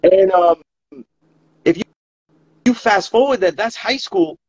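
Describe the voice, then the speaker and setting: A man's voice: sits high, slow, breathy edge, no echo, highs cut off. A man from Brooklyn with a New York accent, a hip hop journalist and rapper telling stories on a casual live stream, acting out quotes. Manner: animated storyteller, acts out quotes.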